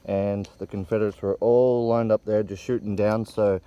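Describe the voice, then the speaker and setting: Excitable man narrating outdoors. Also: fairly low pitch, moderate pace, clear, resonant tone, lo-fi sound. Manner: excited, vivid retelling. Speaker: vlogger filming the tour. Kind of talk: casual walking tour commentary. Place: outdoors on a hillside battlefield.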